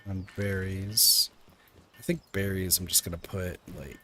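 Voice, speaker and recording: A man's voice: low voice, level tone, measured pace, bright, forceful tone, a little hiss or hum. A man streaming a game, chatting casually and thinking aloud as he plays, with loose fillers. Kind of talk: casual gameplay commentary.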